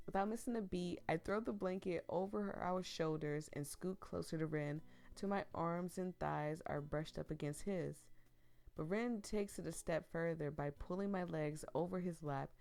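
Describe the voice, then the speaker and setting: A woman's voice: on the low side, moderate pace, gravelly, a little mellow. A young woman playing a romance game, reading its narration aloud and tossing in playful, teasing comments. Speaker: game player.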